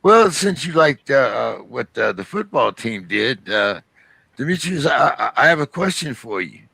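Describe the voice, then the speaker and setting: Male host, gravelly and husky, bright and lively, teasing with halting fillers, dry close mic. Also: medium pitch, no room sound. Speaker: sports show host. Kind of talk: casual sports podcast chat.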